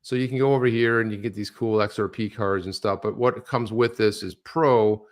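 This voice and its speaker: A middle-aged man co-hosting a casual chat, telling stories in a rambling, animated way with lots of restarts. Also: on the low side, moderate pace. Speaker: co-host.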